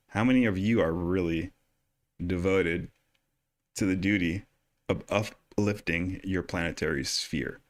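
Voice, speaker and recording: A man co-hosting a podcast, talking in a fired-up, exhorting way and swearing freely. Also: low voice. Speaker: podcast co-host. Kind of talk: casual podcast discussion.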